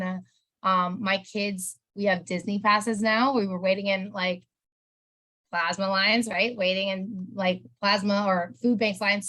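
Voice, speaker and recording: A woman with a medium-pitched, sharp-toned voice tells her story in an interview, casually wandering from point to point, emotional and constantly using "like." She is the interview guest and works as a sales promoter.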